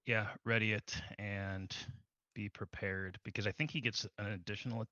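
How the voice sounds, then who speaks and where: A man taking his turn as a player in a tabletop game, slowly and with some hedging. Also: fairly low pitch, steady tone, pushed and bright, no room sound. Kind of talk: casual tabletop game chat. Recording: dull, lo-fi stream audio.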